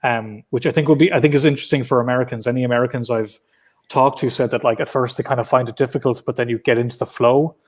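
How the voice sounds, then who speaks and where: An Irish man chats from home through his laptop on a video call. His voice sits at an ordinary middle pitch, and he talks in loose, rambling runs. He restarts his sentences often and leans on easy filler words. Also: steady tone, fast. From Ireland. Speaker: guest comic writer. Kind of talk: casual interview over video call.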